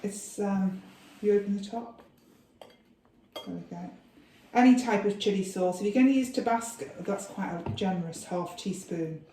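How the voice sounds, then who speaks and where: A woman's voice: mid-range voice, moderate pace, warm tone, heavy reverb, recorded from a distance, a little hiss or hum, low-quality recording. A woman in a home kitchen, patiently coaxing someone through a recipe with casual instructions. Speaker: guides the cook through the recipe. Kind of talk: casual instructions while cooking.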